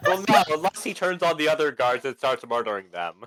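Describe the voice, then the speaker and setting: Lively, dry-joking tabletop player. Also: medium pitch, fairly quick, poor audio. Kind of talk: casual tabletop game chat.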